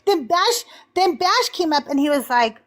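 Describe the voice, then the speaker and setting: A woman hosting a live online debate, talking bluntly and with profanity, telling stories in lively bursts. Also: extremely high pitch, moderate pace, background noise. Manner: blunt, profane, animated storytelling. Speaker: podcast host. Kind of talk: casual debate chat on a live stream.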